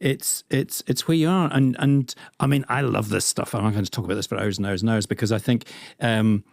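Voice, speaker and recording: Earnest, halting man on a radio panel. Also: lowish voice, vocal fry, darkish tone, no room sound, clean studio sound. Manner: earnest, halting with many restarts. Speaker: panel guest. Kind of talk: casual chat.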